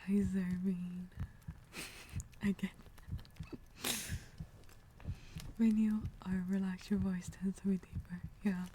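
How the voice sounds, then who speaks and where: A woman whispering softly in an ASMR livestream, greeting viewers and answering chat, often sinking into a relaxed, lower voice. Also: takes it slowly, pauses often, slight background noise. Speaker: livestream host.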